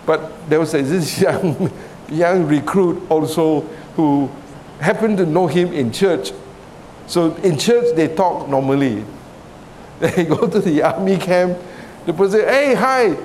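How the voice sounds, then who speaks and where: A man's voice: a little high, takes it slowly, mellow, a little hiss or hum. A middle-aged man from Singapore with a Singaporean English accent, preaching a sermon in a conversational way, often checking with the congregation and laughing between points.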